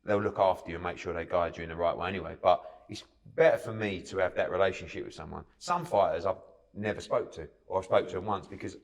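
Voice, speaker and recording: Fast-talking man telling stories. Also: deep voice. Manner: animated storyteller who acts out other people's lines. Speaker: host and boxing promoter. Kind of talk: casual chat, telling anecdotes.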